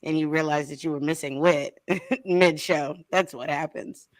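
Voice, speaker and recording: A woman's voice: deep voice, fairly even intonation, unhurried. A woman hosting a casual chat, laughing easily and correcting herself in a flustered way. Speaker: podcast host.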